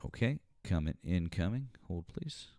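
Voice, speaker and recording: A man's voice: low-pitched, very animated, normal speed, mellow. A man hosting a casual politics livestream, rambling, swearing now and then, and thanking viewers from the chat. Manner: rambling, swears, many fillers, reads chat aloud.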